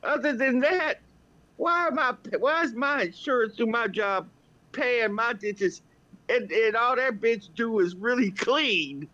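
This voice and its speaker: A woman's voice: a little high, measured pace, fairly bright tone. A woman in casual chat, venting bluntly and swearing freely as she tells a story. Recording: dull lo-fi recording.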